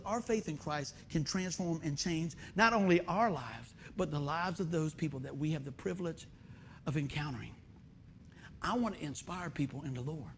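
High-voiced folksy male preacher. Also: slight background noise. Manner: folksy, animated storytelling with quoted dialogue. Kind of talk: sermon with storytelling.

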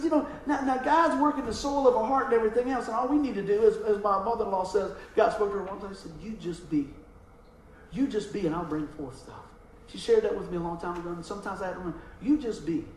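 A middle-aged man preaching a sermon, telling animated stories and often asking the congregation "amen?". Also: high voice, distant mic. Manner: animated storytelling, frequent call-and-response "amen?". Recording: echoey room with faint ambient noise.

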